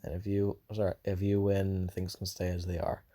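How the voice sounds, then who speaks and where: A man voicing an arrogant, clueless young male hero in his own flat, careless tone. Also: low voice, normal speed. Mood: blunt challenge.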